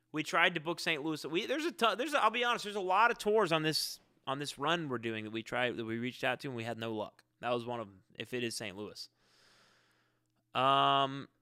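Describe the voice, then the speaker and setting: A musician answering fan questions in a casual live-stream Q&A, rambling and halting as he often restarts his sentences. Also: medium pitch, sharp tone, clean tone, no echo, studio quality.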